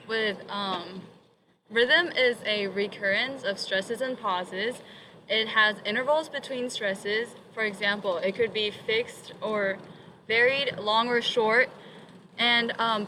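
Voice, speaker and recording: A woman's voice: fairly high pitch, slight background noise, low-quality recording. A young woman presenting a poetry lesson, reading from prepared notes with the odd "um". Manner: steady reading with occasional um fillers.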